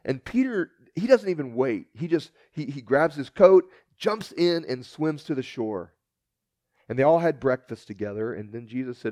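A man preaching a sermon, retelling scripture as a story and acting out the dialogue with big swings in pitch and loudness. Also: expressive, moderate pace, no room sound. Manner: storytelling, acts out the dialogue with shifting pitch and volume.

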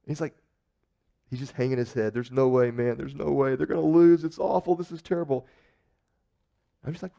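A male pastor preaching a sermon in a conversational, animated storytelling way, acting out the people in his stories. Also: on the high side, brisk, creaky.

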